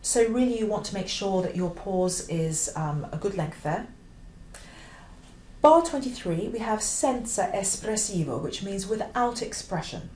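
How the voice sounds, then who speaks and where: A woman teaching the oboe, explaining a piece with clear emphasis and now and then singing a phrase. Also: mid-range voice, lively intonation, unhurried, a little mellow, echoey room, slight background noise. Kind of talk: instructional explanation.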